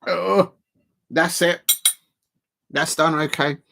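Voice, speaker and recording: A man's voice: fairly high pitch, fairly even intonation, slow, creaky, bright, forceful tone. A man hosting a live football watch-along, chatting to viewers while he eats, rambling with lots of fillers and restarts. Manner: chats to viewers while eating. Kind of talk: casual live-stream chat.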